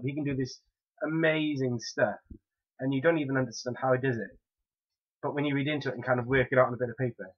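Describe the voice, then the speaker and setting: A man's voice: medium pitch, fairly bright tone, slightly rough. A young man with a Welsh accent, rambling casually through questions in an audio post, hesitant and full of fillers. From Wales. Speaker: audio blogger. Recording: dull lo-fi home recording.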